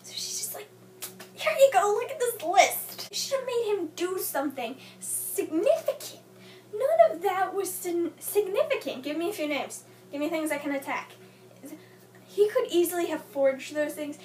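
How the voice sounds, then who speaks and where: A woman's voice: extremely high pitch, animated, moderate pace, noisy background. Bubbly young woman gushing over a book. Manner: gushing, exasperated, talks back at the characters. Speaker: book vlogger. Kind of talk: casual book review vlog. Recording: echoey room, mic at a distance.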